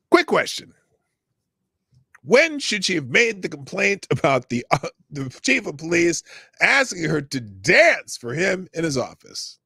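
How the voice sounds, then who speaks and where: A middle-aged man hosting a live-stream news commentary show, reading stories and chat with sarcasm and breaking into shouted rants. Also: fairly high pitch, gravelly, slightly rough, no room sound, studio quality.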